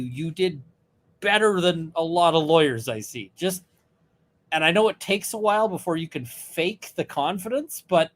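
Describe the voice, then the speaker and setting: Guy lawyer chatting casually, slightly high voice, um-heavy storytelling. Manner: animated retelling with quoted voices, many fillers. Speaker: lawyer, podcast co-host.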